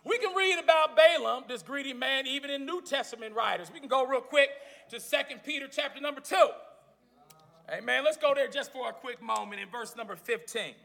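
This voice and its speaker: A man's voice: very high voice, a little fast, gravelly, a bit bright. A man preaching a sermon, telling the story in a folksy way and calling out to the congregation for responses.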